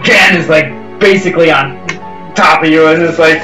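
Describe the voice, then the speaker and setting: A man narrating as game master, rambling and excitable with lots of fillers and yelped sound effects. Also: fairly high pitch, normal speed. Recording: roomy echo from a distance, music behind.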